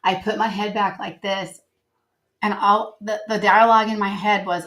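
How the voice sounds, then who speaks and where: A middle-aged woman, a podcast guest, telling personal stories in a casual, animated way and acting out the dialogue. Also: medium pitch, moderate pace. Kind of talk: casual interview storytelling.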